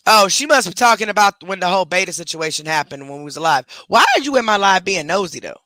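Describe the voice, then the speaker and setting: A woman's voice: on the low side, animated, fast, bright, forceful tone, dry recording. A woman hosting a livestream, reacting defensively and with sass to a critic. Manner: defensive, sassy, chatty. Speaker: livestream host.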